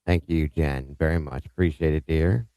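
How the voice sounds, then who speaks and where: A deep-voiced man hosting a live stream, greeting viewers one by one in a chatty, upbeat way. His voice is smooth and clear, recorded close and dry with no room sound. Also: steady tone, moderate pace, dry recording. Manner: upbeat, chatty, reads out viewer names warmly with small stumbles. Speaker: host of a live true-crime stream.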